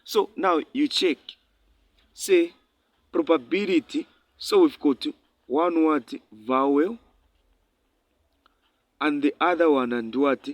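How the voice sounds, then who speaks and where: A man teaches probability at a slow, deliberate pace, asking rhetorical questions and answering them himself. He repeats numbers as he writes them out. The sound is dry, with no room echo. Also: on the high side. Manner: repeats numbers slowly while writing. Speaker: tutor. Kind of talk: maths lesson at a board.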